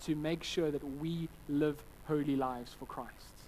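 A man in his thirties giving a conversational sermon, his voice sitting a little higher than most men's. He tells family stories with animated quoted voices and stumbles through restarts. A faint hum of background noise runs underneath. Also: a little slow, rough recording. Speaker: pastor.

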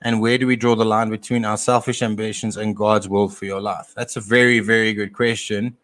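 A man co-hosting a casual talk show and teaching from scripture, often pausing and repeating words as he thinks aloud. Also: fairly low pitch, level tone, fairly bright tone. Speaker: podcast co-host and Bible teacher; father.

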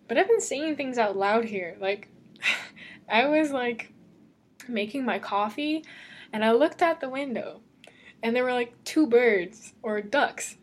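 A woman's voice: a little high, husky. A woman hosting a solo podcast, chatting casually and rambling, laughing often as she talks. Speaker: podcast host. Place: lives alone in Amsterdam.

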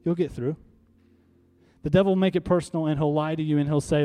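Mellow-voiced preaching man. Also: on the high side, fairly even intonation, a little fast. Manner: call-and-response, rising to emphatic. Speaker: pastor. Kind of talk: sermon. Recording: faint music behind.

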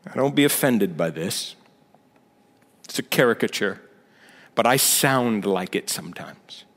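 A man's voice: on the low side, animated, moderate pace, fairly bright tone. A male senior pastor giving a conversational sermon with sarcastic asides, building to emphatic points. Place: church sanctuary. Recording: long reverb of a big hall.

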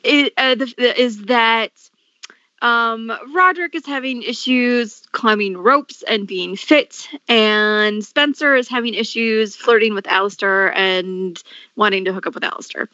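A woman co-hosting a podcast in casual chat, talking haltingly with many fillers and restarts. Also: fairly high pitch, sharp tone, no room sound, highs cut off. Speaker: podcast co-host.

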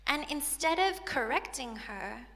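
Woman preacher from South Africa, bright and high, emotional sermon, long hall reverb. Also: lively intonation, a little slow. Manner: emotional, voice breaking into tears. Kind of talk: sermon, reading scripture aloud.

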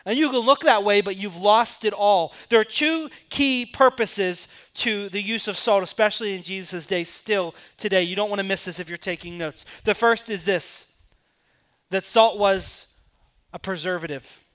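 Male pastor, sermon, high voice, bright tone, impassioned, emphatic. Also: moderate pace. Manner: impassioned preaching, rising to emphatic peaks and dropping to quiet asides.

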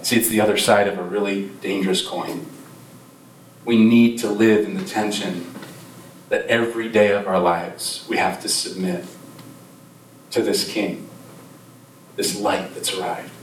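A man's voice: fairly low pitch, steady tone, a little slow, long pauses, slight background noise. A male pastor preaching a Christmas sermon with passion, his voice swelling and dropping for emphasis. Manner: impassioned, rises and drops in volume for emphasis. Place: church sanctuary. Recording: roomy church sound from a distant mic.

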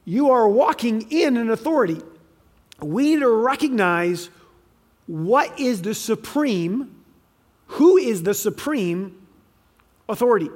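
A man delivers a conversational sermon in a fairly high voice. He speaks plainly and directly, with the odd restart. He acts out the people in his stories with quick changes of voice. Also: animated. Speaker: teacher on faith and parenting.

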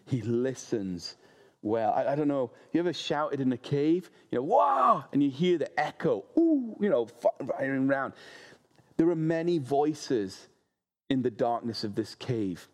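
A man preaching a sermon, reading scripture and telling lively, humorous stories. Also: mid-range voice, unhurried. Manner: animated, humorous storytelling.

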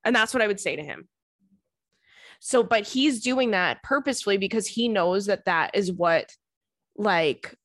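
A woman's voice: mid-range voice, no room sound, studio quality. Blunt, fired-up woman in her thirties. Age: 30s. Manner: blunt, swearing, gets riled up and loud. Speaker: podcast host giving advice. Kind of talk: casual chat.

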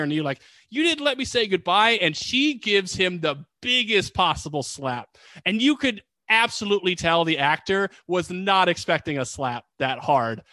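A man co-hosting a podcast, casually recapping a film in a rambling, animated way and acting out lines of dialogue. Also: fairly high pitch, no echo. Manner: rambling, animated storytelling with quoted voices. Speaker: podcast co-host. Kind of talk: casual movie recap chat.

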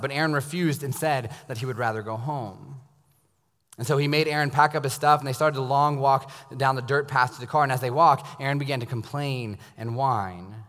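Guy preaching in church, tells stories then gets quiet and intense, big echoey hall sound. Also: medium pitch, fairly quick. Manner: storytelling, dropping to a hushed intense tone for emphasis. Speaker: pastor. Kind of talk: sermon. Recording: long reverb of a large hall.

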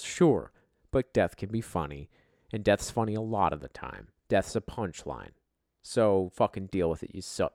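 Profane, animated podcast host. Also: male voice, lowish voice, dry recording, clean studio sound. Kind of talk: casual chat.

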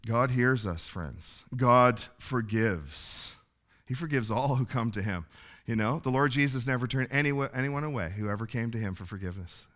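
A man's voice: medium pitch, a bit bright. A male pastor, preaching a sermon in a folksy, storytelling way and chuckling often.

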